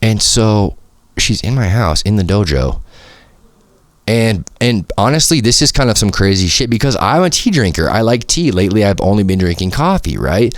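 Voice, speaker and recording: Laid-back rambling man, deep voice. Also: sing-song, normal speed, no room sound. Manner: rambling, slangy and profane, lots of "like" and "you feel me". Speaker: podcast host. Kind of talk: casual solo podcast monologue. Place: home studio.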